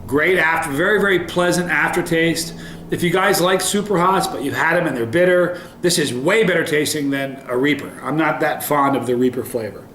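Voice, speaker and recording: A man with a slightly high voice talks through a pepper tasting review to camera. He is upbeat but halting, full of ums and restarts, and the room around him rings with echo. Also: a bit bright, a little hiss or hum. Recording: roomy echo.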